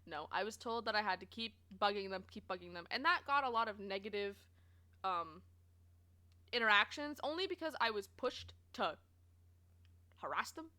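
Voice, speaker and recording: A young woman streamer from Canada, casually telling stories to her chat, expressive and swearing freely. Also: medium pitch, normal speed, long pauses. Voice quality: expressive, swears, laughs often.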